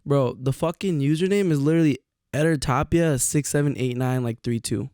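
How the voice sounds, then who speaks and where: A young man co-hosting a podcast, telling stories in a casual, profane, animated way and acting out the quotes. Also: on the high side, brisk, clear, resonant tone, no room sound, clean studio sound. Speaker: podcast co-host. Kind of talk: casual storytelling chat.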